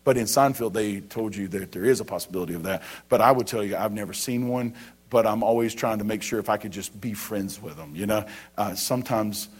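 A man's voice: fairly low pitch, brisk, slightly rough. A man in his thirties preaching as a pastor, building emphasis with rhetorical questions and casual asides. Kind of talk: sermon.

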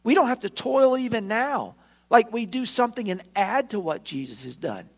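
A man's voice: sits high, expressive, normal speed. A man preaching a sermon as pastor, emphatic, acting out the quoted voices.

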